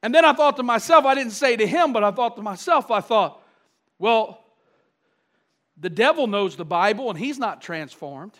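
A man's voice: high-pitched, lively intonation, moderate pace, fairly bright tone. A pastor preaching a sermon. He often asks the congregation questions and builds emphasis through repetition.

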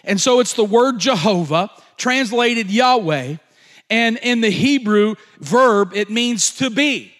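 A man preaching a sermon, slow and emphatic, repeating key phrases with occasional fillers. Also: high-pitched, fairly bright tone. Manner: emphatic repetition, slow deliberate delivery with fillers.

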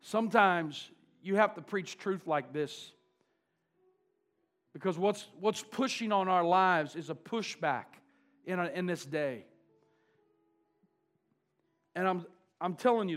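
Pastor, male, slightly high voice, emphatic repeating sermon style. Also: unhurried, a bit bright. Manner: emphatic, repeats key words for stress.

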